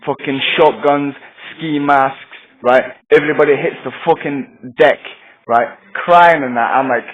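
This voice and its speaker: Brash swearing storyteller, lo-fi. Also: male voice, on the high side, fairly even intonation, a little slow. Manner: brash, swearing, boastful raver persona. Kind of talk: comic first-person storytelling. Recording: dull lo-fi home video audio.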